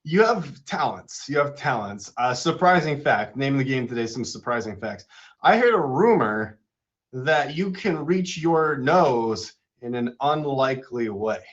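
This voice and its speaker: A man's voice: mid-range voice, animated, a little slow. A man hosting a casual live-stream interview, giggly and upbeat, teasing himself as he goes. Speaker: host. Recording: dull lo-fi stream audio.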